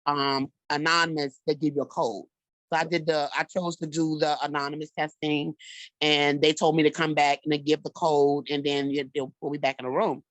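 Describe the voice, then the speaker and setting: A woman's voice: deep voice, level tone, normal speed, dry recording, low-quality recording. Dry-sounding woman telling her story. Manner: conversational, many fillers like "you know". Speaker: guest. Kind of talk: personal storytelling.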